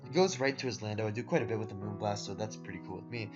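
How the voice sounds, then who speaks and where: Lowish and rapid-fire, this man's voice carries casual voice-over commentary on competitive game matches he played himself. He rambles easily, leans on fillers, and speaks to viewers as "guys" and "boys," all in dull lo-fi audio with soft guitar music playing behind him.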